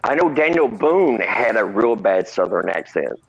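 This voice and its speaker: Gravelly guy chatting in a group, bouncy pitch, faint hiss behind. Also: sing-song, moderate pace, lo-fi sound. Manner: laughs easily, repeats himself. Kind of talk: casual group chat.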